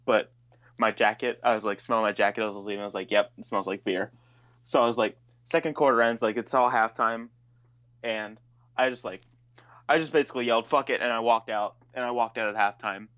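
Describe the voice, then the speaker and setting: A man's voice: on the low side, steady tone, a little fast, fairly bright tone, muffled recording. A man co-hosting a podcast, telling stories in a casual, profane, ranting way. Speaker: podcast co-host. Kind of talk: casual chat.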